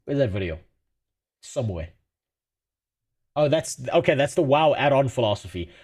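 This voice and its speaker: A man's voice: mid-range voice, lively intonation, moderate pace, darkish tone, breathy edge. A man ranting sarcastically and with a lot of swearing while streaming. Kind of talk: casual live-stream commentary.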